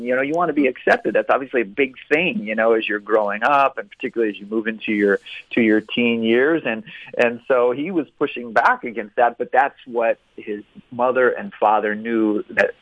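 Male priest guest, radio talk, halting and thoughtful, dull dry sound. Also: mid-range voice, dry recording. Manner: thoughtful, searching for words. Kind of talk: radio talk show conversation.

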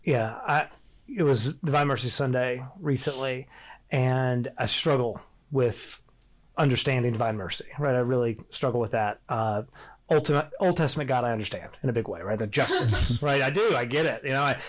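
A middle-aged man and father of five on a casual faith podcast, telling stories with frequent laughter and animated retellings. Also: mid-range voice, moderate pace. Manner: animated storyteller, laughs often. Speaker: podcast co-host.

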